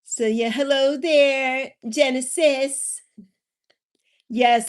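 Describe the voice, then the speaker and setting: Her voice is high and a little slow. She's a woman in her forties from the Virgin Islands hosting a casual livestream, warmly chatting with viewers over their comments and slipping into stories about her family.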